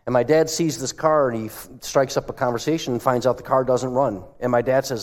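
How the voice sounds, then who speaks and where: A man's voice: medium pitch, steady tone, a little fast, few pauses, a little mellow. A male pastor giving a sermon in a church, telling stories in a conversational way and asking the congregation questions. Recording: long hall reverb.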